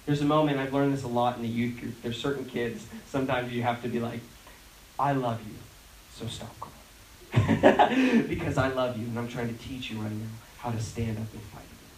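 A young man preaching a lively sermon as a youth pastor, acting out prayers and voices with laughter. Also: medium pitch, fast talker, hardly any pauses, slight background noise, rough recording.

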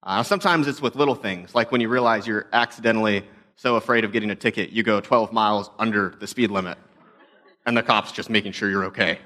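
A man's voice: lowish voice, fast, sharp tone. A young adult man, a pastor, telling stories in a conversational, self-deprecating sermon talk.

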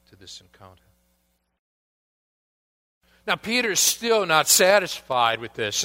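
A man preaching a sermon as pastor, reading scripture quotes aloud and moving between emphatic rises and quiet asides. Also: medium pitch, smooth.

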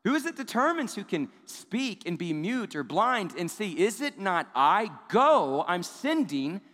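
A preacher voicing God, loud and commanding. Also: male voice, sits high, big pitch swings, measured pace, in a large hall, voice pushed up, full character voice. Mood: stern, exasperated. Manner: raised, commanding, emphatic. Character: exasperated God rebuking a reluctant servant.

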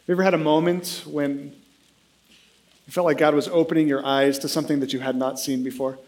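A man in his thirties preaching a sermon, telling a self-deprecating funny story in an animated way. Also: a little high, a little fast. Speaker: pastor.

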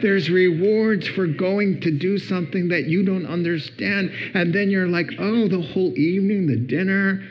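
A man preaching a sermon as a pastor, playful and deliberate, acting out what spouses say. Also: high-pitched. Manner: playful, acts out spouses' words with laughter. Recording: dull lo-fi sound.

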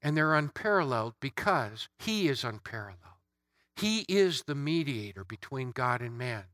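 A man's voice: medium pitch, very animated, moderate pace, a bit bright, no echo, studio quality. A man preaching an Easter sermon, emphatic, building through repeated phrases.

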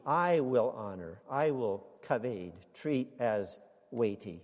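A man preaching a sermon to a congregation, speaking deliberately and building to emphatic exclamations. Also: mid-range voice, lively intonation, a little mellow, long reverb tail. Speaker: pastor.

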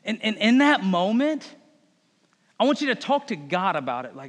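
A man's voice: high-pitched, very animated, moderate pace. A man preaching a conversational sermon, talking straight to his congregation. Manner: direct, conversational, addresses congregation as folks and y'all. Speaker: pastor. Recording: long hall reverb.

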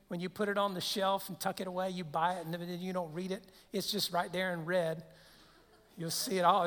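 A man's voice: sits high, a bit bright. Pastor guy preaching, talks like a chat, lots of "right?" and restarts, big echoey hall. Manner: conversational preaching with rhetorical questions and restarts. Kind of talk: sermon. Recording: long hall reverb.

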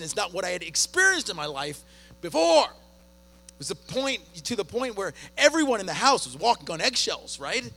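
A middle-aged man preaching a sermon, telling a story with big swings between quiet and loud. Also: high voice, very animated, normal speed, creaky. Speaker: pastor.

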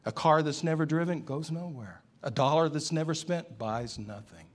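A man preaching a sermon, emphatic and building to animated climaxes. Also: on the high side, normal speed. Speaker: pastor.

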